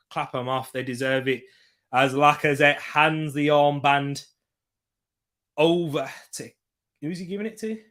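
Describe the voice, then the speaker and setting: A young man hosting a live football watchalong, jumping between excited match calls and quieter chatter with viewers. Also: medium pitch. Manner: excitable, switches between loud hype and quiet chat reading. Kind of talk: live match commentary and chat reading.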